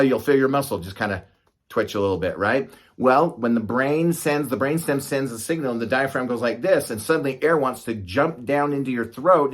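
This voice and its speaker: Middle-aged male physician, casual explainer who is talky and checks in with listeners. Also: medium pitch. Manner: conversational, asks "right?" often, gestures to demonstrate. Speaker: doctor explaining medicine.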